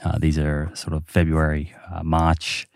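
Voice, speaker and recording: A man's voice: rumbling low, completely flat delivery, unhurried, gravelly, no echo, studio quality. A man hosting a podcast, explaining research casually with many fillers. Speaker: podcast host. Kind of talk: casual chat.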